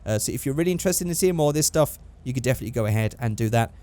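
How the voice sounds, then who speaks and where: A man's voice: medium pitch, expressive, racing, mellow. A young man giving casual, upbeat gameplay commentary, chatting and thinking aloud as he plays. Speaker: gaming YouTuber.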